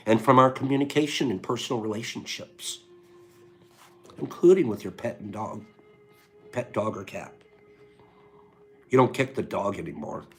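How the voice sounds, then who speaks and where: A man hosting a live stream in a casual chat, reading viewers' names and their answers aloud. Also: medium pitch. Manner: reads chat names aloud, rattles off lists.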